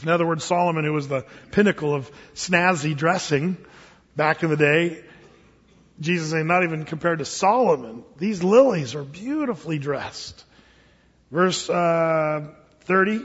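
A man preaching a sermon, mixing slow scripture readings with folksy, joking stories. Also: a little high, slightly rough. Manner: storytelling, folksy and joking, reads scripture slowly. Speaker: pastor. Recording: dull lo-fi sound with long hall reverb.

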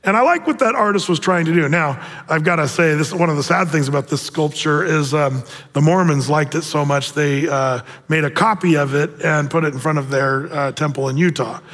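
A man preaching a sermon, telling the story in an animated, playful way with voiced asides. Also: a little high, a little fast, in a large hall. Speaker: pastor.

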